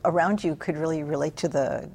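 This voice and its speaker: A woman's voice: deep voice, steady tone, fairly quick, a little mellow, husky. A woman hosting an interview, prompting her guest and finishing her sentences. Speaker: interviewer host. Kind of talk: conversational interview.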